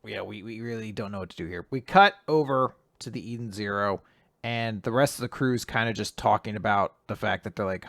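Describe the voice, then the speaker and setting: Animated man retelling comics, dry sound. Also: lowish voice, a little fast, gravelly, no echo. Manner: animated retelling, acting out character lines, frequent laughs. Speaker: podcast co-host recapping manga. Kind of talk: casual chat.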